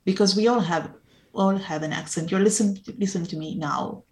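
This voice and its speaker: A woman with an Italian accent, a non-native English speaker and an Italian teacher appearing as a guest, answers interview questions earnestly and encouragingly, laughing often. Her voice is medium-pitched and darkish, at a normal speed.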